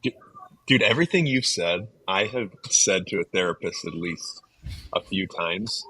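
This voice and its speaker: A man's voice: low voice, unhurried, pushed and bright, no room sound, poor audio. A man hosting a podcast, chatting enthusiastically and casually with his guest. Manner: enthusiastic, chatty, says "dude". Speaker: podcast host. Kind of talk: casual conversation.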